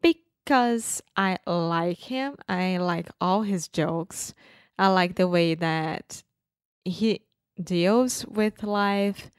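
Slow, smooth woman. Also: lowish voice, no echo, clean studio sound. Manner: repeats words, simple phrasing. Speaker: podcast co-host. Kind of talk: casual chat.

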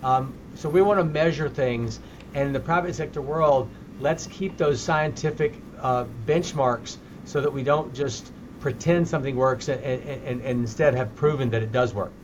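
A middle-aged male doctor speaks earnestly in an interview, doubling back on his opening words. His voice sits at an ordinary pitch. The sound is slightly muffled, with a faint hiss behind it over the call. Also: moderate pace. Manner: sincere, repeats words when starting sentences. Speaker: physician guest.

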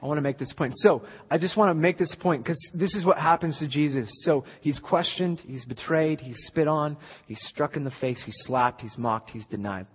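A young man preaching a sermon, emphatic, building to near-shouts at the high points. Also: moderate pace, hardly any pauses, husky. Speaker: pastor. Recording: dull lo-fi recording in a reverberant hall.

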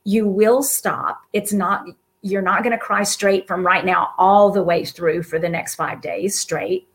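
A woman's voice: medium pitch, steady tone, measured pace. A woman guest speaking to an audience in a heartfelt, casual way, earnest and encouraging. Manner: earnest, warm-hearted and encouraging, with soft laughs.

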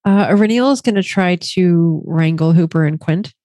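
A woman's voice: lowish voice, moderate pace, warm tone, no echo, clean studio sound. A woman playing a tabletop game, describing her character's actions tentatively. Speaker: player. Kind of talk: casual play at the table.

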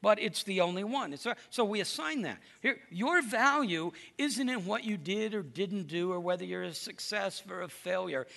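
Animated, gravelly-voiced male preacher. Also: high-pitched, normal speed, hardly any pauses. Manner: lively storytelling, animated and emphatic. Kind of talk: sermon.

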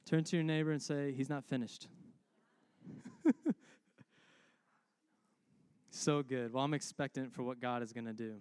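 A man's voice: mid-range voice, moderate pace, pauses often, darkish tone, clean tone, dry recording. A young man preaching a sermon as a pastor, conversational and humorous, calling out to his congregation.

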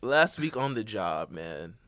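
A man's voice: lowish voice, big pitch swings, slow, a bit bright, no echo. A young man trades loose, profane jokes while co-hosting a casual podcast. He laughs often and keeps the talk playful. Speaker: podcast co-host. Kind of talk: casual chat.

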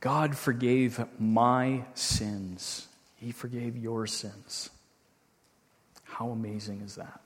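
A man's voice: medium pitch, fairly even intonation, husky. Earnest male pastor in a reverberant hall. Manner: earnest, reflective, slows down when reading scripture. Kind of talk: sermon.

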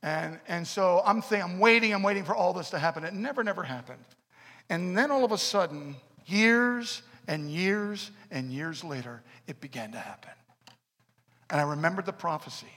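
A middle-aged man preaching a sermon and telling his own story, swinging between loud bursts and hushed asides. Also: sits high, lively intonation, moderate pace. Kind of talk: sermon with personal testimony. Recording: echoey hall, long reverb.

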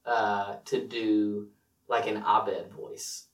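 A young man co-hosting a casual podcast chat. He laughs often and sounds self-conscious, halting over fillers as he talks. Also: on the low side, level tone. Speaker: podcast co-host. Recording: roomy sound from a distant mic.

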